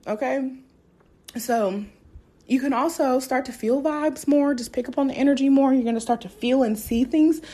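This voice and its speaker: A young woman hosts a casual spiritual podcast in a fairly high voice with a darkish tone. She talks candidly, swears freely, and laughs often.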